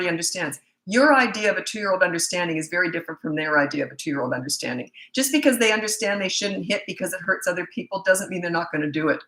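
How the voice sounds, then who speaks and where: A woman's voice: fairly low pitch, fairly bright tone. A middle-aged woman, a parenting coach, bluntly and emphatically answering viewer questions in a live Q&A session. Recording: echoey room.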